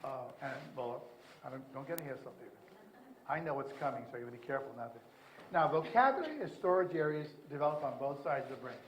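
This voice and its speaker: A man giving a conference lecture, rambling with animated asides. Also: mid-range voice, fast, roomy sound, a little hiss or hum, rough recording. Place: conference hall.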